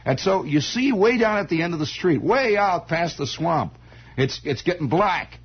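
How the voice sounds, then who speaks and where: A man's voice: fairly high pitch, expressive, moderate pace, slight background noise. A man telling a long, digressive story on the radio in a folksy manner, chuckling as he goes and often restarting his sentences. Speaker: radio host. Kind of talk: rambling radio storytelling monologue. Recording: dull lo-fi vintage radio broadcast.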